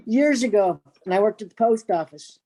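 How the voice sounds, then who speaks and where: A woman's voice: medium pitch, expressive, normal speed, mellow. Joking woman chatting on a video call. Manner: joking, teasing. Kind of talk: casual video-call chat.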